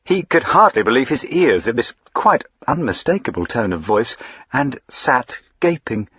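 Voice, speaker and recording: A man reading a classic novel aloud as an audiobook narrator, in a measured, expressive storytelling manner. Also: medium pitch, husky, dry recording, lo-fi sound.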